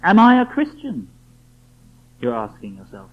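A man's voice: high voice, huge pitch swings, a little slow. A man preaching a sermon, emphatic and full of rhetorical questions aimed at the listener. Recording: dull lo-fi recording.

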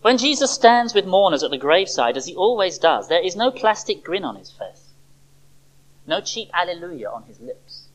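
A preacher giving a sermon to a church service, expressive, with dramatic pauses and rhetorical questions. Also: medium pitch, rough recording.

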